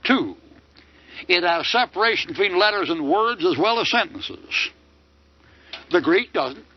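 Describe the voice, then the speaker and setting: Older man, combative preacher, high animated voice, dull lo-fi sound. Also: a little slow, husky. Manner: combative, rhetorical questions with mocking answers. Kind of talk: sermon lecture. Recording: dull lo-fi dry recording.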